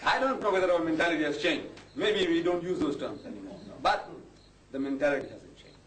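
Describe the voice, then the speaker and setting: An Islamic preacher delivers a passionate lecture before a live crowd, his fairly high, rather bright voice jumping upward on rhetorical questions. He talks animatedly and a bit fast, captured from a distance in an echoing hall with faint background hiss.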